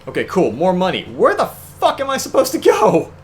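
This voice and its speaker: A man's voice: high voice, wildly swooping pitch, normal speed. A young man co-hosting a let's play, chatting casually and wryly, often exasperated and laughing. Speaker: co-host. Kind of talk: casual gameplay chat.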